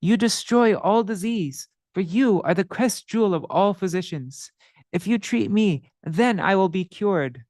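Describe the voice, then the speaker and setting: A man's voice: sits high, lively intonation, a little slow, a little mellow, dry recording, studio quality. A man voicing a repentant ruffian who earnestly begs for mercy, his voice raised and imploring. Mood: pleading.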